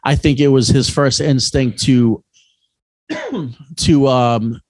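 A man's voice: medium pitch, takes it slowly, dry recording. A man co-hosting a podcast, talking casually, rambling with many restarts and fillers. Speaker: podcast co-host. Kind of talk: casual chat.

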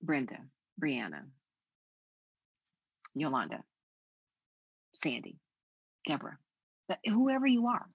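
An older woman guest speaking on a faith podcast, telling stories in an animated, expressive way. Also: sits low, normal speed, long pauses, breathy edge, no room sound, muffled recording. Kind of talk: conversational podcast interview.

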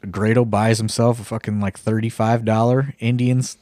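A man's voice: fairly low pitch, flat delivery, moderate pace, dark tone, dry recording. A man co-hosting a casual podcast, telling a rambling story full of fillers and the odd swear word. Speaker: wrestling promoter and podcast co-host.

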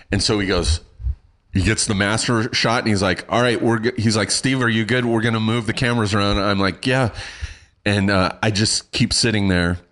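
Man, middle-aged, low voice; animated, salty guest storyteller. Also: normal speed. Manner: animated, swearing, acting out quotes. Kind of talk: casual storytelling.

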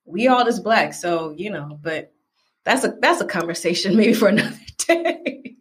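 Her voice sits in the mid-range at a moderate pace. A podcast guest from the American South with a Southern accent, she chats casually and animatedly, acting out each person she quotes.

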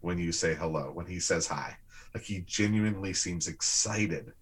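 A man, a guest on a conversational show, telling personal stories in an animated, lively way. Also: low-pitched, moderate pace, slightly rough. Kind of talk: casual conversational storytelling.

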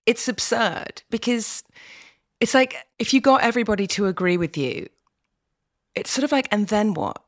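A woman's voice: fairly high pitch, animated, normal speed, pauses often, dry recording, clean studio sound. A middle-aged woman talking frankly as a guest over the phone, swearing freely and reflecting. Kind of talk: casual conversation on a phone call.

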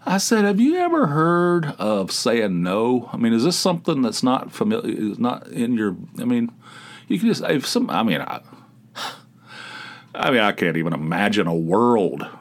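A man's voice: medium pitch, big pitch swings, moderate pace. Rambling incredulous male podcast host. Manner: rambling, incredulous anecdote-telling. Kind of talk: solo comedic storytelling.

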